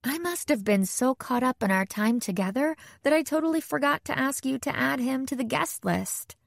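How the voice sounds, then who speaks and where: A woman's voice: mid-range voice, measured pace, no echo, clean studio sound, lightly acted. A woman voicing a bubbly young woman, a model and older sister, with a breezy, gushing manner.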